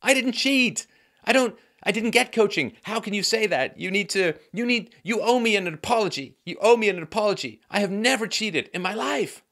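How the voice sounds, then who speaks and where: A man mimicking a furious woman athlete who is demanding an apology, in a shrill, indignant and insistent voice. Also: animated, moderate pace, pushed and bright, heavily acted. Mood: outraged.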